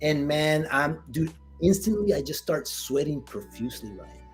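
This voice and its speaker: A Marine veteran telling a story in a casual interview, slangy and animated, acting out what people said to him. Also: male voice, a little high, normal speed, faint music behind. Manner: animated retelling, slangy, acts out quoted dialogue.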